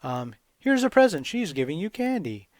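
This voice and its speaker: A man voicing a cheerful male messenger with a bright, inviting tone. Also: sits high, big pitch swings, moderate pace, no echo, voice pushed up.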